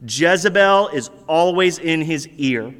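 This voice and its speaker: A man's voice: a little high, lively intonation, takes it slowly, fairly bright tone, big-room sound. A man preaching a sermon as pastor, talking in a conversational, earnest and self-deprecating way.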